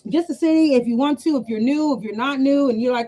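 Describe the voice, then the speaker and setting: A woman's voice: fairly high pitch, expressive, quick pace. A woman business coach hosting a casual livestream, chatty and familiar, calling her viewers y'all and honey. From US West Coast. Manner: chatty, warm slang, laughs often, addresses viewers as y'all and honey. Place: home room. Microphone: webcam setup with two cameras.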